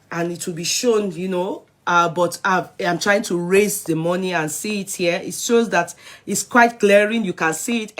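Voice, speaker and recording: A middle-aged Nigerian woman talks to her live-stream audience in a bright, clear voice. She is chatty and greets each viewer by name. She now and then switches into Yoruba phrases. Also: medium pitch. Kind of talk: casual live-stream chat.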